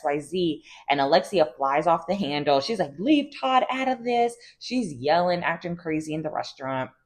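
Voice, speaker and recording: A woman hosting a casual reality TV recap, chatty and gossipy, full of "like" and quick laughs. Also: sits low. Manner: chatty and gossipy, heavy use of "like", laughs often.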